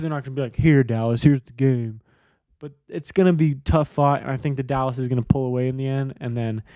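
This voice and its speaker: A man's voice: medium pitch, warm tone, dry recording, studio quality. A man hosting a sports podcast, giving casual, profane, rambling betting picks.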